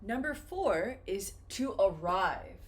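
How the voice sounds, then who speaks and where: Woman, English teacher, slow careful delivery, patient, mid-pitched voice. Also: big pitch swings. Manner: patient, explains with simple examples and acted quotes. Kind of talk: slow, careful ESL lesson.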